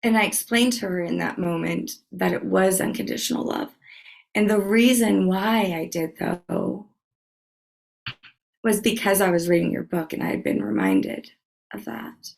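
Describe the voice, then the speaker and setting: A woman's voice: lowish voice, expressive, measured pace, vocal fry, rough recording. A woman from Louisiana hosting a podcast, chatting casually and telling stories with plenty of fillers. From Louisiana, USA. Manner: chatty storyteller, many fillers. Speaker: podcast host. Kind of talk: casual chat.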